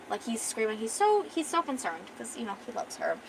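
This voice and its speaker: A woman's voice: a little high, expressive, a little fast, creaky, few pauses, a bit bright, slight background noise, low-quality recording. A young woman streamer casually retelling her comic's story, rambling with profane joking asides. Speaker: artist and streamer.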